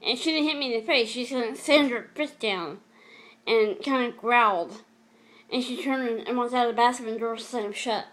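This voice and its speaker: A middle-aged woman telling a personal story in a vlog, emotional and halting, often repeating and restarting her words. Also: a little high, fairly bright tone. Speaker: vlogger.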